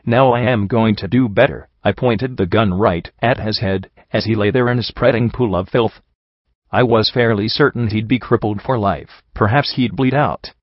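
Male audiobook reader, low pitch, dry slightly dull recording; steady narration. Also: moderate pace, no echo. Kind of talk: first-person fan fiction narration.

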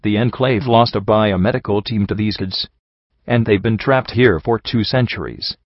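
A man's voice: on the low side, moderate pace, no echo, lightly acted. A man voicing a blunt, weary male pony companion with a dry delivery, recorded dull and dry. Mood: grim.

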